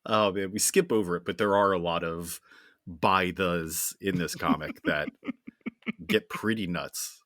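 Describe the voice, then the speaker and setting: Slow, low-voiced laughing man. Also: sharp tone, no room sound, studio quality. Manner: laughs often, wry interjections. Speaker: podcast co-host. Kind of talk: casual comic-book podcast chat.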